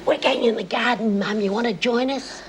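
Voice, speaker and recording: An actress playing a cheeky old prisoner. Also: female voice, fairly high pitch, fairly quick, slight background noise, close to an everyday voice. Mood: plain. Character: elderly female prisoner, cheeky and stubborn. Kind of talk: 1980s TV drama acting. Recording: old TV soundtrack with music.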